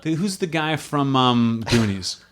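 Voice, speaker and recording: A man's voice: mid-range voice, animated, a little slow, background noise. Dry man with an odd cadence. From United States. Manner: dry, offhand storytelling with an odd mannered cadence. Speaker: podcast co-host. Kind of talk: casual chat.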